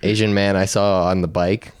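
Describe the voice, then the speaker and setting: A man's voice: low voice, flat delivery, normal speed, clean tone. A man co-hosting a comedy podcast, chatting casually and teasing his friend, laughing often. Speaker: podcast co-host.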